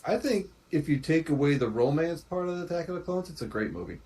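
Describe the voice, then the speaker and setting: A man's voice: a little high, quick pace. A man co-hosting a casual pop-culture discussion, joking as he talks. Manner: animated, jokey. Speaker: podcast co-host.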